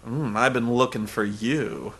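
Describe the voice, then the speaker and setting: A man voicing a flirtatious woman secretary who makes every remark suggestive, in a low sultry purr. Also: quick pace, pushed and bright, lightly acted.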